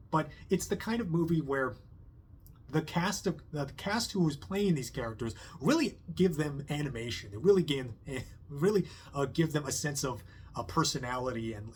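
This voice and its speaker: A man giving a casual spoken movie review, rambling with lots of fillers, restarts and quick impressions. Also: a little high, breathy edge.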